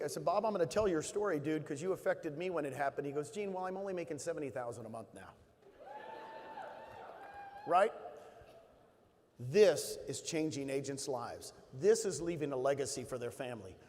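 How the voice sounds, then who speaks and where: A man's voice: on the high side, darkish tone. Man in a big reverberant hall, a motivational speaker, emotional and emphatic. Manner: emotional storytelling, rising to emphatic bursts. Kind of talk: motivational talk to an audience.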